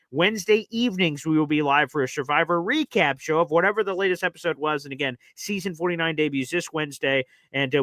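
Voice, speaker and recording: A man co-hosts a live sports talk stream with a bright, forceful voice pitched a bit high. He talks in an energetic, promotional way. The sound is dry and close. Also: no room sound. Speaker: sports show co-host.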